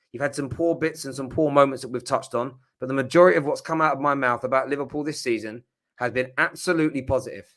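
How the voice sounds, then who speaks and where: Passionate football stream host. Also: male voice, medium pitch, fairly bright tone. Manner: passionate, emphatic, swears when riled. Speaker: football fan channel host. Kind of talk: live-stream match reaction.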